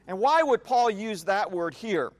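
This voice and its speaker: A man preaching an evening sermon, explaining a passage in a measured, teacherly way. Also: high voice, animated, no room sound. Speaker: pastor. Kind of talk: expository sermon.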